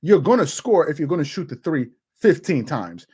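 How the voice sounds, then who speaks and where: Brief: male sports host, voice on the high side, chatty and excitable, stumbles and restarts. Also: breathy edge. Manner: animated, laughing, with quick repeated restarts. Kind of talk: casual sports commentary.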